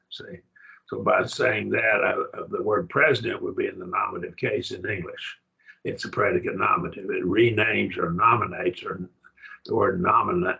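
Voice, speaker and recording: Older man teaching Greek, gravelly. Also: lowish voice, pushed and bright, dull audio. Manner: patient, explains step by step, checks understanding. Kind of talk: grammar lesson.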